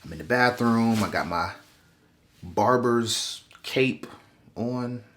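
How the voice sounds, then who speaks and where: A man's voice: mid-range voice, moderate pace, slight background noise. A young man with a stuffy, congested voice, chatting casually to his viewers while giving a haircut tutorial in his bathroom. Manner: relaxed, chatty, addresses viewers directly. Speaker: vlogger. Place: small bathroom, indoors.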